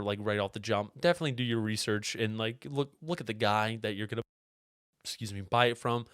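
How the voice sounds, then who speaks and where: A young man in casual, profane podcast chat who rambles and slips into loud impressions of friends. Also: on the low side, no room sound, studio quality. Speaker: podcast co-host.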